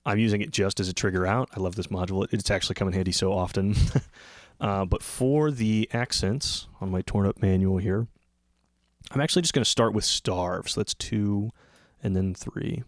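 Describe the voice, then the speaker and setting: A man casually demonstrating synthesizer modules as the host of his own channel. He explains in a relaxed, loose way, often restarting his sentences. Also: fairly low pitch, moderate pace, no room sound. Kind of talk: casual hands-on gear demonstration.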